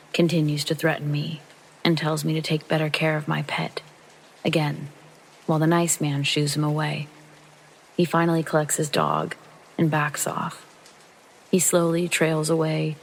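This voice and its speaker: Gravelly man reading a horror story. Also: fairly high pitch, a little hiss or hum, low-quality recording. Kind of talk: reading a first-person true horror story for sleep. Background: rain sounds.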